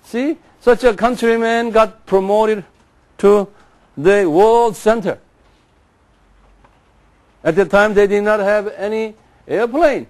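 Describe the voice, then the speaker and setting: A Bible teacher lectures a class in a fairly high, slightly mellow voice. He goes slowly and deliberately, drilling pronunciations and having listeners repeat after him.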